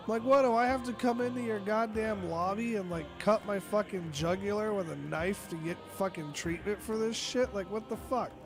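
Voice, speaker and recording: A man's voice: high voice, normal speed, music in the background. A man with a cough, hosting a casual online chat and ranting with lots of swearing and exasperation. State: sick with a cough.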